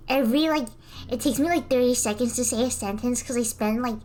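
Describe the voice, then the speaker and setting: A woman's voice: on the high side, moderate pace, darkish tone. A female streamer chatting casually while she draws, giggling often and answering her chat.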